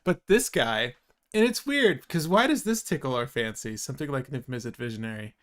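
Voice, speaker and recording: A young man hosts a casual card game stream, chatting loosely and cracking jokes. He laughs often and rambles between topics. His voice sits at an ordinary middle pitch. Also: sing-song, fairly quick. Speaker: host.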